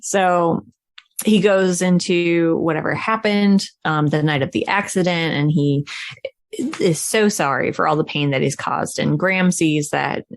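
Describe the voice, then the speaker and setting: A woman's voice: low voice, a little slow, gravelly, dry recording, studio quality. A woman casually recapping a film as a podcast co-host, chatty and laughing often. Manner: chatty storytelling with frequent laughs.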